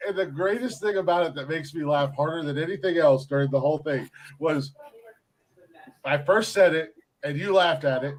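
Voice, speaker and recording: A man's voice: on the high side, moderate pace. A man co-hosting a podcast, teasing his friends in casual banter, laughing often and tripping over repeated words. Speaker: podcast co-host.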